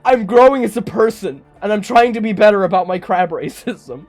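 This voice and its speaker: A streamer chats casually from a home setup on a desk microphone. The voice sits mid-pitch but moves a lot, with playful ups and downs while joking. Faint game music plays underneath. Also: animated, fairly quick, few pauses, a little mellow. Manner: joking, laughs often, mock-tearful bits. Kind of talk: casual live-stream chat.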